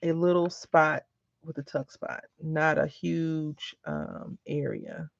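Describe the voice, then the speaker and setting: Her voice sits low and gravelly, and she takes her time as she chats, rambles and tells stories over a craft project. This casual vlog from a crafting vlogger is a dull lo-fi recording with no room sound.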